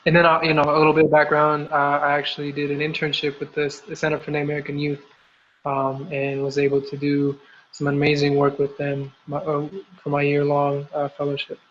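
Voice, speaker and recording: A man's voice: fairly high pitch, completely flat delivery, brisk, fairly bright tone. A young man from Montana introducing himself as an artist on an online panel, easygoing. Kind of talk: casual self-introduction. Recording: dull lo-fi call audio with faint hiss.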